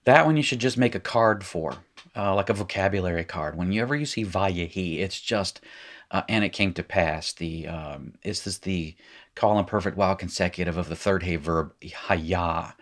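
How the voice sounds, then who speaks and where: A deep-voiced man talks through exercises at a desk mic. His teaching rambles: he restarts sentences, backtracks, and drops dry, self-mocking asides along the way. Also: moderate pace, a bit bright. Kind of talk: recorded language lesson.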